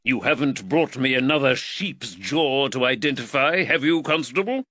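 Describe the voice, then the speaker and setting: A haughty old-time surgeon who needles his students with mock sweetness, as a man puts him on. The voice swoops up high and bright, close and dry. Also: lively intonation, moderate pace, dry recording. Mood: teasing. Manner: mocking, imperious. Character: teasing arrogant upper-class male surgeon.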